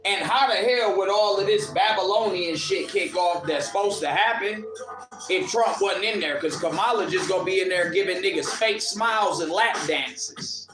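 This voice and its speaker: Man streaming a fiery, profane rant with a high voice, an echoey room and a beat under him. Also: normal speed, over music. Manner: fiery, preachy, profane and confrontational. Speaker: livestream commentator. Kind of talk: impassioned live rant. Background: instrumental beat playing.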